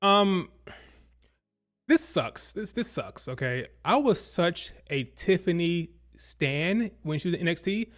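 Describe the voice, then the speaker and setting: A man giving casual, opinionated commentary on wrestling, blunt and exasperated. His voice sits slightly high, and he stumbles over and repeats his words as he talks. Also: very animated, takes it slowly. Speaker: wrestling show reviewer.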